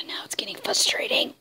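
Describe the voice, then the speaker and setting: A young woman commenting on her own online game play, muttering in frustration and breaking into high squealing shouts. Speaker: gamer playing an online wolf game. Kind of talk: casual gameplay commentary.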